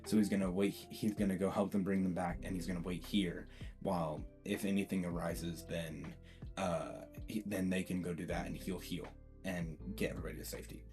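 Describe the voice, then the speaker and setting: A man's voice: low-pitched, little pitch movement, a little fast, darkish tone. A man hosting a fan-theory video, telling a what-if story in a loose, chatty way full of fillers and restarts. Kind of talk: casual rambling storytelling. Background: faint guitar music.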